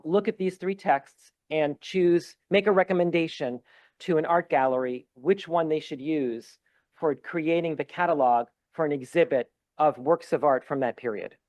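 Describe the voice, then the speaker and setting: A man's voice: fairly high pitch, no room sound. A man giving opening remarks at a conference, explaining teaching tasks in an earnest lecturing way, with many ums and restarts. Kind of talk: conference talk. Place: lecture hall.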